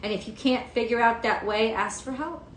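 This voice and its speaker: A woman's voice: a little high, normal speed, echoey room, a little hiss or hum. A woman giving a casual tarot reading, frank and emphatic, swearing freely. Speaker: tarot reader.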